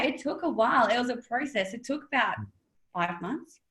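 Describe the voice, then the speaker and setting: A woman's voice: on the high side, lively intonation, moderate pace, a bit bright, reverberant. A woman guest on an interview, talking casually and impulsively, laughing often. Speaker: business planner guest.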